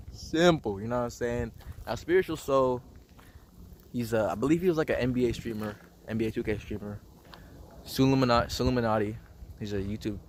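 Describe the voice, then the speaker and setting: A man's voice: mid-range voice, darkish tone, slight background noise. Slangy young guy rambling casually. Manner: slangy, rambling, says bro and dude a lot. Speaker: self-improvement vlogger. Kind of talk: casual personal monologue.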